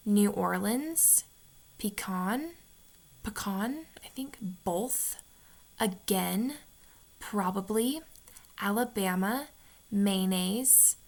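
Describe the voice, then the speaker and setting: A woman with a Utah accent talks unhurriedly in a casual vlog. Her voice has a gravelly, fry-edged texture. She reads a word list aloud, then chats hesitantly, filling pauses with ums. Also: medium pitch. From Utah, USA. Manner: hesitant, many ums and restarts. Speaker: vlogger.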